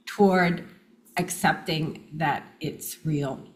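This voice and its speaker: A middle-aged woman, a guest in an interview, telling personal stories in an animated way and acting out quoted dialogue. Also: lowish voice, takes it slowly.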